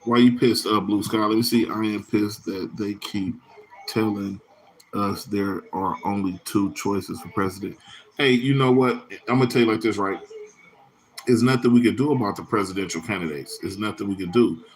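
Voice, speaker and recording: A man's voice: lowish voice, moderate pace, slight background noise. A man hosting his own livestream in a loose, rambling, profane way, full of slang and answering viewers' chat comments by name. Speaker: livestream host.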